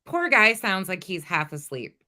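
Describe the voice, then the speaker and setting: A woman's voice: lowish voice, sing-song, normal speed, bright, forceful tone. A woman hosting a commentary channel, talking bluntly and confrontationally with lots of profanity. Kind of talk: casual reaction commentary.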